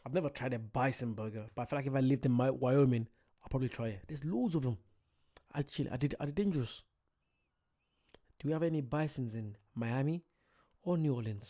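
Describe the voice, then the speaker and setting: A man's voice: medium pitch, mellow. A young English man hosting a reaction video, chatting casually in a joking, playful way. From England. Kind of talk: casual chat.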